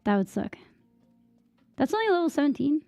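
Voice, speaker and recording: A young woman chats casually while she plays, her thoughts wandering and her sentences full of "like." Her voice sits fairly high with a soft, mellow tone. The sound is dry and close, like a desk mic. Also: very animated, normal speed, creaky, no room sound, soft background music. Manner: rambling, distracted, filler-heavy with "like". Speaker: gaming streamer. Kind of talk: casual gameplay chat.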